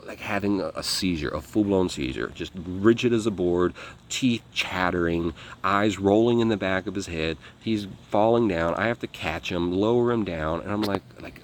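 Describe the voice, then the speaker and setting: A man with a fairly low voice tells a story as an interview guest. He talks casually and with a lot of energy, acting out what people said and swearing freely. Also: normal speed, slight background noise. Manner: animated, acts out quotes, swears freely.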